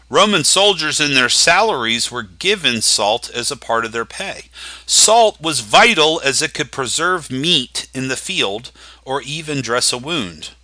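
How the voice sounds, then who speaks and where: Bright, lively male preacher. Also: mid-range voice, dry recording. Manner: teaching, emphatic with slow stressed phrases. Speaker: pastor. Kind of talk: sermon.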